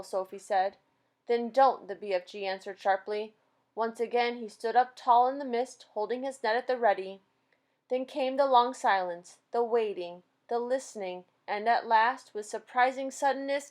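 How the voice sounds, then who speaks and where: Lady reading a kids book out loud, slightly high voice, steady. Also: moderate pace. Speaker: storybook reader. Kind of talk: reading a children's book aloud.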